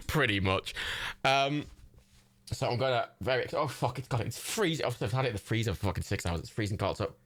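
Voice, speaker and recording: A man's voice: mid-range voice, expressive, brisk, fairly bright tone. A young man chatting on a livestream, swearing a lot, rambling and laughing often. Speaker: livestream host. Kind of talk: casual chat.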